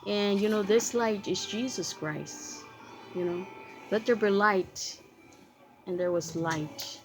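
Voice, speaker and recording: Woman, unhurried delivery, earnest, repeats phrases, faint music underneath. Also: mid-range voice, poor audio. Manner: earnest, repeats phrases, recites verses with emphasis. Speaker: vlogger sharing a faith testimony. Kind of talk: casual spoken testimony.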